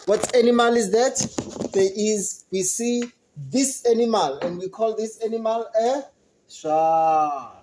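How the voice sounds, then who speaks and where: Online kids' lesson, English teacher, very slow delivery, repeats and spells words, encouraging, mid pitch. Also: mellow, a little hiss or hum, poor audio. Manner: encouraging, asks questions and praises. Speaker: English teacher for young children. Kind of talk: online lesson for young learners.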